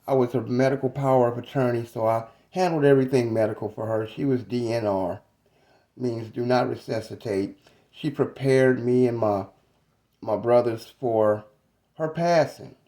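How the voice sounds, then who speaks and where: A man in his thirties telling a personal story about his mother in a reflective, halting, casual way. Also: mid-range voice, warm tone. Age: 30s.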